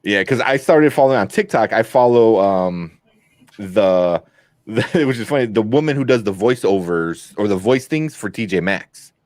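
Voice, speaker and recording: A man co-hosting a podcast, chatting about a movie in a rambling, animated way with lots of fillers. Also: fairly low pitch, normal speed, no echo, clean studio sound. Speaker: podcast co-host. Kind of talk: casual movie review chat.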